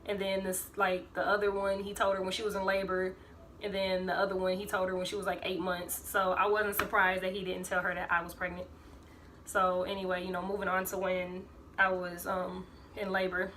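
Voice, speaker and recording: A woman's voice: on the low side, level tone, moderate pace, fairly bright tone, a little hiss or hum. A young woman, rambling through a casual storytime vlog and full of fillers. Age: 20s. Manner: rambling, filler-heavy, acts out quoted voices. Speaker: vlogger.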